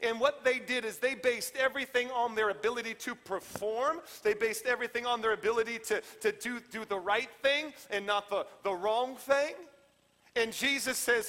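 A man preaching a sermon as pastor in a conversational way, swinging between loud emphatic lines and hushed ones. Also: very high-pitched, steady tone, moderate pace. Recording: long hall reverb.

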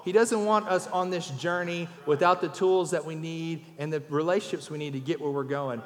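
A man's voice: on the high side, steady tone, moderate pace. A man, preaching a folksy sermon as a guest speaker and telling jokes. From Louisiana. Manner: folksy storyteller, raises his voice for punchlines. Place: church sanctuary. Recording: long church hall reverb.

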